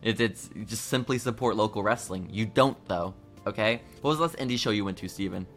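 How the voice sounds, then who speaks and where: A man's voice: fairly low pitch, brisk, fairly bright tone, faint music behind. A man co-hosting a casual wrestling podcast, teasing his co-host and mocking promos with put-on voices.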